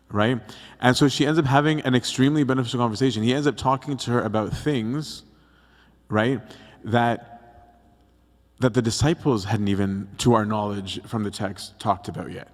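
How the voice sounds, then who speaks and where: Man, young adult priest, mid pitch, chatty youth talk, acts out quotes, long hall reverb. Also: moderate pace. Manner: conversational, acts out quotes, frequent "right?". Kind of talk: casual youth talk on scripture. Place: church hall.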